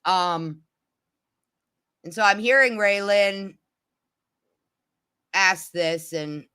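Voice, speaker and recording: A woman's voice: mid-range voice, drawn-out words, sharp tone, clean tone. A woman chatting casually to her viewers, telling a story in a rambling way, with many restarts.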